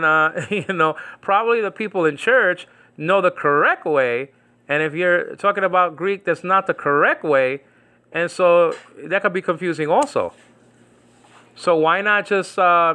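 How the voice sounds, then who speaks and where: A man teaching New Testament Greek in a casual, rambling way, slowly repeating the Greek words and chuckling now and then. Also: on the high side, bright, forceful tone. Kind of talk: casual Bible Greek lesson.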